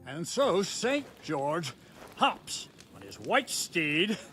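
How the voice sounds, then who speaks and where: A jovial, high-voiced medieval knight. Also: male voice, wildly swooping pitch, extremely slow, pushed and bright, full character voice. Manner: hearty, theatrical, laughing storyteller. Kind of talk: video game voice acting. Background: faint game music.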